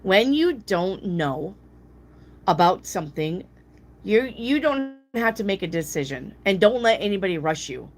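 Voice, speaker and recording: A very animated yet unhurried woman hosts casual live tarot readings, bluntly answering viewer questions, swearing freely and mimicking people in a high voice.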